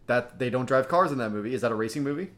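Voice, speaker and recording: A man's voice: mid-range voice, lively intonation, rapid-fire, a bit bright. Jonge man, vloekend en kletsend. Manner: rambling, profane storytelling. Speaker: podcast co-host. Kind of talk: casual chat.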